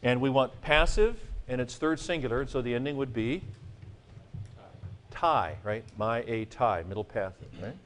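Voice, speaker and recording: A man's voice: medium pitch, expressive, moderate pace, a bit bright, a little hiss or hum. A man teaching a seminary Greek grammar class, joking and chanting mnemonics for his students. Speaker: Greek professor.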